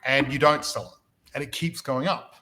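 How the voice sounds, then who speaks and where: A man hosts a motivational podcast with a lot of energy. He often stumbles over the first words of a sentence before he gets going. His voice sits at an ordinary middle pitch. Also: normal speed, slight background noise, poor audio. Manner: energetic, repeats words when starting sentences, storytelling. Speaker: podcast host and property mentor.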